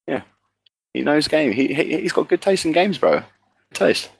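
A man co-hosting a casual gaming podcast, swearing freely and laughing through animated banter. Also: a little high, unhurried, gravelly, slightly rough. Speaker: podcast co-host.

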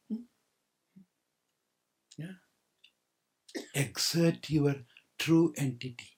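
A spiritual teacher, an older man, speaks slowly in a mid-range voice and pauses often. His sermon unfolds as a playful story, full of laughter and acted-out character voices.

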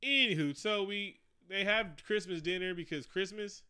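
A man casually recapping a movie with a co-host, talking in an animated, profane, jokey way. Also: high-pitched, moderate pace, clean tone. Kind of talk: casual chat.

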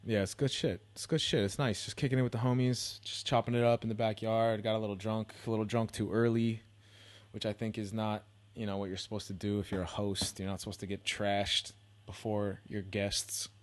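A young man from the Bay Area talks off the cuff on his own podcast, in a voice that sits a little low. He rambles, swears freely, drops laid-back slang and keeps poking fun at himself. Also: level tone, a little fast. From San Francisco Bay Area. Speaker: podcast host. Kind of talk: casual solo podcast rambling.

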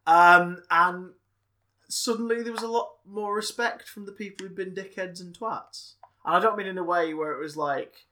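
A man's voice: high-pitched, normal speed, bright, forceful tone, a little hiss or hum. A man co-hosting a casual podcast, rambling along and swearing offhandedly. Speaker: podcast co-host.

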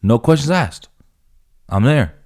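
A man's voice: mid-range voice, expressive, takes it slowly, darkish tone. A man in his thirties from California, telling stories in casual podcast chat with lots of swearing and "bro". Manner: profane, emphatic storytelling, says "bro" constantly. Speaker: podcast guest.

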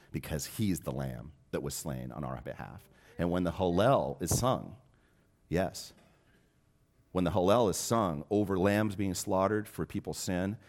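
A man with a very low, deep voice preaches to his congregation. His delivery swings between quiet, intimate stretches and loud, urgent appeals, the way a pastor drives a point home. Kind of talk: sermon.

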